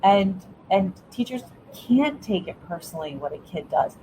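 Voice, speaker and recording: A woman's voice: mid-range voice, animated, normal speed, background noise. A middle-aged woman, a former school principal, giving earnest, encouraging parenting advice as an interview guest, with frequent restarts.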